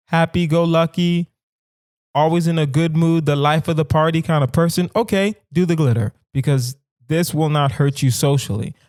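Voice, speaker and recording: A young adult man hosting a podcast, riffing on a hypothetical in an animated, emphatic comedic monologue. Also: fairly high pitch, dry recording, clean studio sound. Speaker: podcast host.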